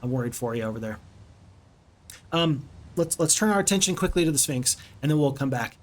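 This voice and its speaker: A man live-streaming a strategy game, chatting with viewers in a casual, expressive way and exclaiming often. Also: medium pitch, fairly quick.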